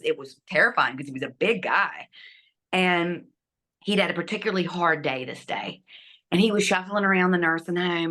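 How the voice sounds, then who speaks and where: A middle-aged woman, a guest telling a personal story with lively delivery and hushed asides. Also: on the low side. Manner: animated, acts out quotes, drops to hushed asides.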